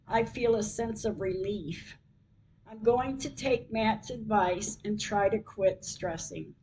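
An older woman hosting a podcast, reading a personal story aloud in a slow, measured way. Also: mid-range voice, a little mellow, rough recording. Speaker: podcast host.

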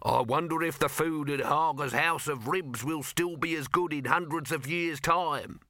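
A man's voice: on the high side, moderate pace, sharp tone, no room sound, pitched above the performer's own voice. A man voicing a glib, money-minded showman who talks with dry, wheedling self-assurance.

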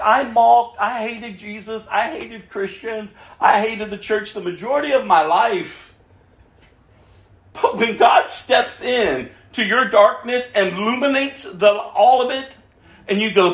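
A man preaching a sermon as pastor, impassioned and full of rhetorical questions, dropping from loud to hushed. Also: sits high, unhurried, roomy sound.

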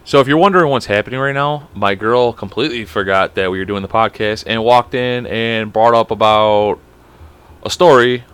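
A young man co-hosting a casual podcast, telling stories in an animated way and swearing a lot. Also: lowish voice, clear, resonant tone. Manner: fast, animated storytelling with lots of swearing. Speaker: podcast co-host.

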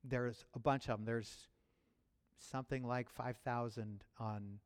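A male pastor delivers a sermon in a casual, personal way, full of restarts and small chuckles, before climbing into loud, rising fervor. His voice sits at an ordinary middle pitch. It rings out with the long reverb of a large hall. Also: steady tone, a little slow, clear, resonant tone. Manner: builds to loud, rising fervor near the end.

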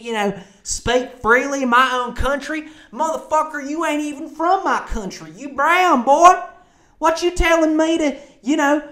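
Guy doing a loud brash lady politician, mocking twangy drawl, way higher than his own voice. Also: full character voice. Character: brash, defiant woman politician spouting misinformation.

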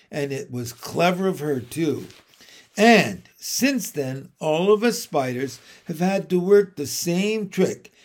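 A man's voice: high voice, a little mellow. A man reading a storybook aloud, voicing a small, clever female spider who explains things in a cool, matter-of-fact way. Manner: cool, practical, plainly explaining.

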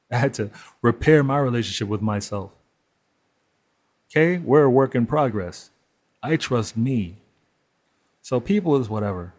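A man's voice: medium pitch, a little mellow. A man hosting a solo monologue, speaking candidly and profanely and laughing between his points. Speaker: podcast host.

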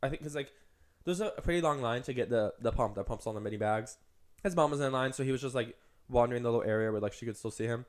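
A man chats casually as a podcast co-host. He talks at a brisk clip and rambles from one thought to the next, filling the gaps with "like" and "um". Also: mid-range voice. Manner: rambling, heavy use of "like" and "um".

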